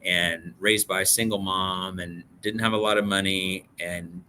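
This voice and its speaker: A middle-aged man with a lowish, bright, forward voice recounts his own life with earnest feeling. A faint hum of ambience sits under the interview. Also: steady tone, a little slow. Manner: earnest, emotional storyteller. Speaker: author guest. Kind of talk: storytelling interview talk.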